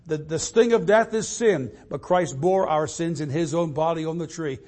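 An older man preaching from the pulpit in a notably high voice. He quotes scripture in old-fashioned wording and swings between forceful emphasis and quiet, low asides. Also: moderate pace. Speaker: pastor. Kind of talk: sermon.

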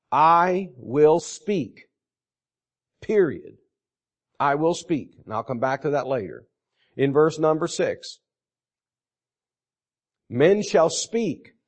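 A middle-aged man preaching a sermon on a Psalm, reading verses aloud and repeating key phrases slowly for emphasis. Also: medium pitch, darkish tone. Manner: slow and deliberate, repeating scripture phrases for emphasis.

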